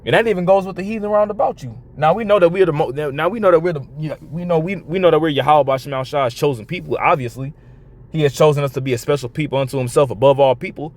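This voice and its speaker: A man with a somewhat high voice comments bluntly on a clip and swears freely. He reads scripture verses slowly and deliberately. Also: darkish tone. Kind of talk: reacting to a clip and quoting scripture.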